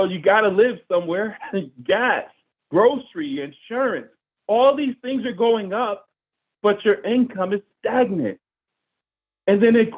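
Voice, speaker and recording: Male presenter, high voice, preachy energetic sales pitch, thin phone-like sound. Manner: energetic and preachy, addresses audience directly. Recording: tinny phone-like audio.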